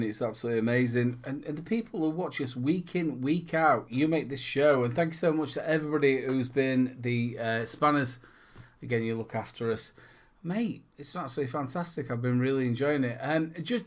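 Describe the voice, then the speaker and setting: A man's voice: mid-range voice, expressive, a little fast. A man with a northern English accent, hosting a casual online show and rambling through a playful, tipsy sign-off. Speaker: host.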